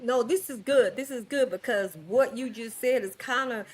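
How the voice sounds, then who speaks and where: A woman's voice: a little high, normal speed. A woman hosting a livestream panel over a video call, speaking with frequent hesitations and restarts. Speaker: host.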